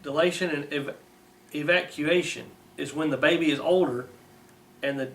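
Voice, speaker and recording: A man with a fairly high voice gives blunt, scornful moral commentary, reading from a text and mocking as he goes. His folksy grammar comes through plainly. The sound is roomy and distant from the mic, with a faint hiss behind it. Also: fairly even intonation, normal speed, fairly bright tone. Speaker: preacher.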